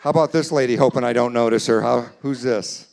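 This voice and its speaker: A man doing comedy crowd work in a church hall, teasing audience members in quick banter. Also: medium pitch, gravelly, darkish tone. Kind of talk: live stand-up crowd work.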